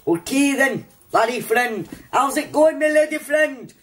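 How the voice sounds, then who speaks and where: A young man doing a high, exaggerated fake Scottish accent in a homemade comedy skit. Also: expressive, measured pace, a bit bright, recorded from a distance, exaggerated voice. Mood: boisterous. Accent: mock Scottish.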